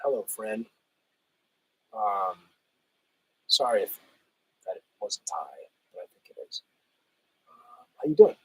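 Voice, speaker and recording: A man hosting a casual livestream, reading chat and answering viewers, his voice still rough as he recovers from a cold. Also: lowish voice, big pitch swings, takes it slowly, long pauses, warm tone, low-quality recording. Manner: laid-back, chatty, laughs often, says "hell yeah".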